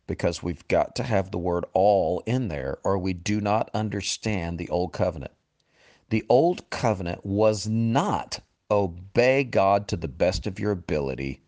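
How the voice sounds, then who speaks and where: A man preaching a sermon in an earnest way, often dropping low and quiet for emphasis and calling the listener "friend". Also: no echo.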